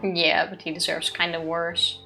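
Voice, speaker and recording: A woman's voice: lowish voice, little pitch movement, unhurried, creaky, bright, forceful tone, soft background music. A woman co-hosting a let's play, chatting casually and reading the game text aloud.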